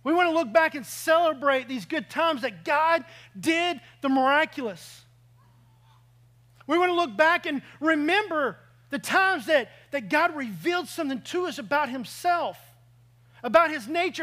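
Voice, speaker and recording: A man's voice: very high voice, fairly bright tone. A man preaching a sermon as pastor, telling a personal story and acting out his own reactions along the way.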